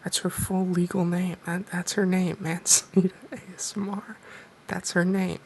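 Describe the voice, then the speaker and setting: A man telling a mock-serious story in a soft-spoken, deadpan ASMR style. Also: high-pitched, moderate pace, a little hiss or hum, poor audio. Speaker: ASMR creator.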